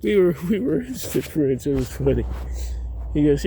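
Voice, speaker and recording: A man's voice: a little high, sing-song, moderate pace, mellow, a little hiss or hum. A man outdoors telling rambling personal stories, often cutting himself off and laughing at his own tales. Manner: meandering, self-interrupting, laughs at own stories. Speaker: vlogger.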